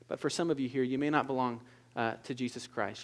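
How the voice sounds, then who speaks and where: A man preaching a sermon as pastor, moving between quiet, intimate asides and loud, emphatic exhortation. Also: medium pitch, quick pace.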